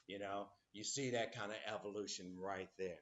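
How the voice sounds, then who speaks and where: A man's voice: fairly low pitch, fairly even intonation, moderate pace, a bit bright, a little hiss or hum. A man teaching a history class, rambling with many fillers and acting out quotes as he lectures.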